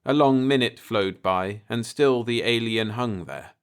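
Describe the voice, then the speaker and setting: Slow, calm male storyteller. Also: mid-range voice, clean tone. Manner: calm and unhurried. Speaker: narrator. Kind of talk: bedtime story reading.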